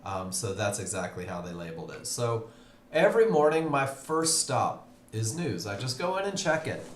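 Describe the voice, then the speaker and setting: A man's voice: lowish voice, big pitch swings, moderate pace, roomy sound, a little hiss or hum. Upbeat man greeting webinar viewers. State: tired, yawning. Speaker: trading class instructor. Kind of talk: live webinar teaching. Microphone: computer mic on a live stream.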